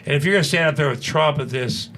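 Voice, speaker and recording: A man in his sixties with a somewhat high voice, sitting in a studio as a guest and telling fight stories in a profane, animated way. He rushes through some lines and slows down on others, and he acts out the quotes. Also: a little hiss or hum. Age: 60s. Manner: profane, animated, fast-talking storyteller who acts out quotes. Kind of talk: casual storytelling.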